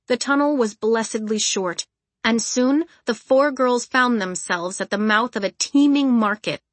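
A woman narrating an audiobook in an even, measured storytelling voice. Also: medium pitch, no room sound. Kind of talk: scripted narration. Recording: dry close studio recording.

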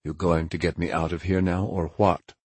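A man's voice: deep voice, level tone, normal speed, a little mellow, breathy edge, no echo. A man voicing a sneering, vulgar smuggler. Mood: dismissive. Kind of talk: audiobook character voice.

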